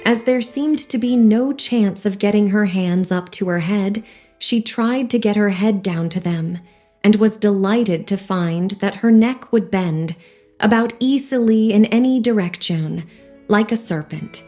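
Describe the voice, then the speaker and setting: A woman narrating an audiobook in a measured storytelling manner. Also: medium pitch, dark tone, faint music behind. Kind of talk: scripted narration.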